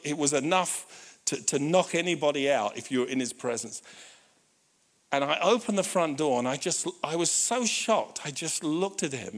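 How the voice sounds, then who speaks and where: A middle-aged man preaching a sermon, telling a personal story with lively audience asides and frequent restarts. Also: medium pitch. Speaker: pastor.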